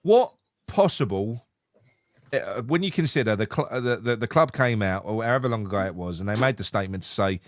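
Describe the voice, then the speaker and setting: A man from England co-hosting a casual football podcast, animated and swearing freely, reading out viewer comments. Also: fairly low pitch, fairly quick, no echo, clean studio sound. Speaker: podcast co-host.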